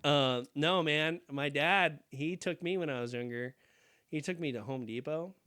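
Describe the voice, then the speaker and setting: A man's voice: fairly high pitch, measured pace, smooth. A young man co-hosting a podcast, telling stories in a casual, profane, laughing way. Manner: animated, profane, laughing storyteller. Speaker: podcast co-host. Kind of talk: casual chat, storytelling.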